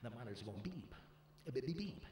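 Brief: comic doing a twitchy, rapid-fire older screen star telling a joke, echoey, a bit off-mic. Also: medium pitch, expressive, mellow, a little hiss or hum, voice pushed down, natural voice. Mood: frantic. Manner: flustered, rapid exclamations, chatty storyteller. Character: jittery, excitable older male film-star comic. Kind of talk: live stand-up impression. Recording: echoey club, mic held at a distance.

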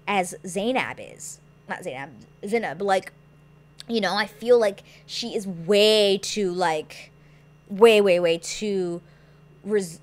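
Young woman, casual recap host, chatty, lots of filler words, mid-pitched voice. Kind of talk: casual chat.

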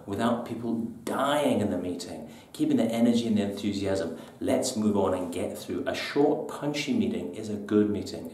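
A man's voice: on the low side, darkish tone. A man presenting business tips to camera in an emphatic, punchy, colloquial way. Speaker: business trainer. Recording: echoey room, mic at a distance.

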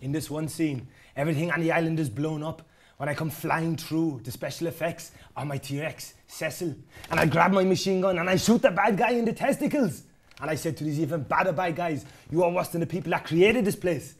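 A man's voice: fairly high pitch, a little fast. A man playing a boastful middle-aged action-film star guest with a put-on accent who keeps repeating his catchphrase, in a student comedy sketch.

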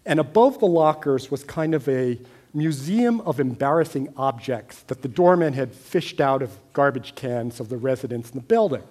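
A middle-aged American man telling a personal story on stage, wry and deadpan, growing animated at times. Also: fairly high pitch. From United States. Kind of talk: storytelling talk.

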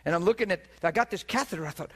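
A middle-aged man preaching, telling a personal story with animated delivery, acting out voices and laughing often. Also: high voice, racing. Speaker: preacher teaching on healing. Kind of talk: sermon storytelling. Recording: live teaching session, room mic.

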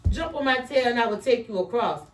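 A woman voicing a sly, hungry fox in a calm, coaxing storybook reading. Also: a little high, a little fast, a little hiss or hum, natural voice. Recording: echoey room, distant mic.

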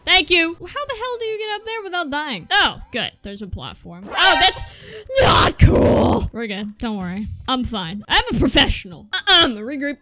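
A young adult woman giving let's play commentary, excitable, with panicky outbursts and self-mocking banter. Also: high voice, normal speed, hardly any pauses. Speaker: gaming YouTuber.

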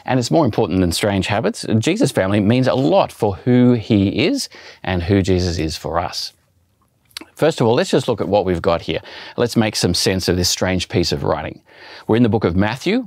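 Low-voiced man preaching. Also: expressive, moderate pace, a little mellow, dry recording, studio quality. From Australia. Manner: chatty, self-deprecating storytelling. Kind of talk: sermon.

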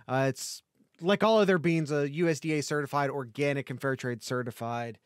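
A man's voice: medium pitch, a little fast, dry recording, studio quality. A man co-hosting a casual sports podcast, reading an ad in a jokey, rambling way. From Ohio. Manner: jokey, rambling ad read with restarts. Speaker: podcast co-host.

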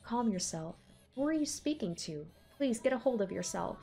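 A woman voicing a calm, gentle young woman who speaks in a soft, steady, reassuring way. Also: fairly high pitch, moderate pace, vocal fry, soft background music. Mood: soothing.

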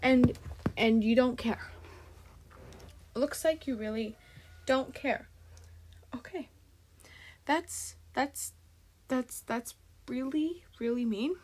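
A woman hosting her channel, chatting excitably while reacting to a game video and bursting into shrieks. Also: fairly high pitch, slow pace, long pauses. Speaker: channel host.

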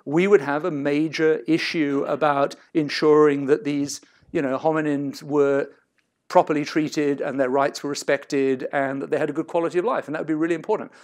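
A man's voice: a little high, fairly even intonation, normal speed, darkish tone. A middle-aged man giving an academic seminar talk, discursive and hedged, often breaking off mid-sentence to restart. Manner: discursive, self-interrupting, hedged. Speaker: seminar lecturer.

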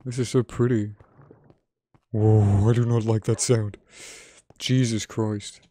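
A young man giving casual gameplay commentary, excitable and swearing often, chatting to his in-game animals. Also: lowish voice, slow pace, dry recording. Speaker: gaming video creator. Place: home editing room.

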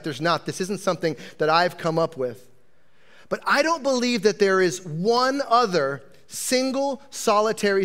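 A man's voice: high-pitched, a bit bright. A man who is an associate pastor, preaching a sermon in a chatty, joking way to a live congregation.

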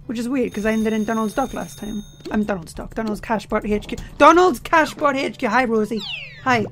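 Young man, game commentary host, high voice, slightly sore throat, music faint behind. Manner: chatty, jokey, bursts into shouting. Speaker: let's play host. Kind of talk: casual gameplay commentary.

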